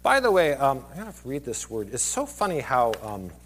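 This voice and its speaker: A man in his thirties preaching a sermon, conversational and digressive, often dropping suddenly to a quiet voice. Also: medium pitch, wildly swooping pitch, brisk, slight background noise. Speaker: pastor.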